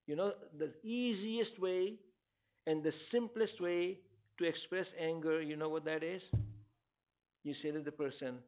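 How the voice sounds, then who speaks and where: A man's voice: a little high, a little slow. An older man, a therapist, answering questions from a community audience in a direct, emphatic way. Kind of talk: community Q&A talk. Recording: tinny phone-like sound.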